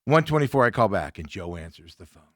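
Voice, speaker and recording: A man hosting a chat show, winding through a story with a lively, swooping delivery and acting out each person's lines along the way. His voice sits in a middle register and sounds close and dry, with almost no room sound. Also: fairly low pitch, quick pace, no echo. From Arizona, US. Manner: animated, acts out other people's lines in quotes. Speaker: host. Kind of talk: casual storytelling rant.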